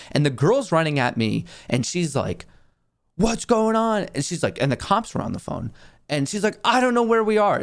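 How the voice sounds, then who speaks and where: A young man, host of his own show, telling a story in a casual, animated way and acting out the people in it. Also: mid-range voice.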